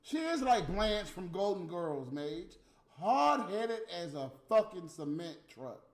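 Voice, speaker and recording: A man ranting in profane, casual talk to his viewers, swinging from low muttering to loud outbursts. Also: lively intonation, measured pace. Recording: roomy echo, faint music behind.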